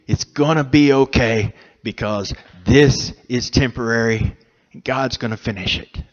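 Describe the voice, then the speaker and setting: Slow, earnest male preacher. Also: medium pitch, muffled recording. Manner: slow, earnest, pausing between phrases. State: emotional, choked up. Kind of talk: sermon. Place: church sanctuary.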